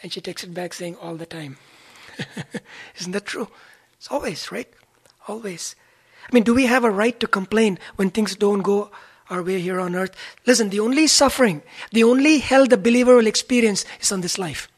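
A preacher delivering a sermon in a husky, slightly breathy voice. The delivery is earnest, with scripture references cited by chapter and verse and key phrases repeated for emphasis. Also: medium pitch, moderate pace.

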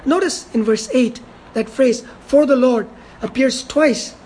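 A woman preaching an expository sermon. She talks emphatically, repeats key words and slows down to stress her points. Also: high-pitched, darkish tone, a little hiss or hum, poor audio.

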